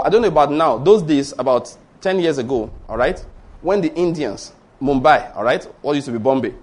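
Nigerian Yoruba-accented pastor, slightly high voice. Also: male voice, darkish tone. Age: middle-aged. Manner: storytelling, emphatic, repeats points. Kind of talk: sermon.

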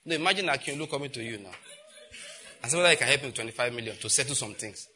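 A middle-aged Nigerian man preaching a sermon, telling stories and acting out conversations in an animated way. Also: rapid-fire, slight background noise. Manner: animated storytelling, acts out exchanges with rising pitch and laughter. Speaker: pastor.

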